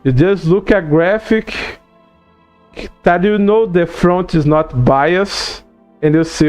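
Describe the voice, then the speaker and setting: A man's voice: sits high, takes it slowly, long pauses, soft background music. A Brazilian man speaking English as a second language, with a Portuguese accent, chatting casually on a livestream and ranting with plenty of swearing and "bro" fillers. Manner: profane, animated rant with many "bro" and "you know" fillers. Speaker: streamer.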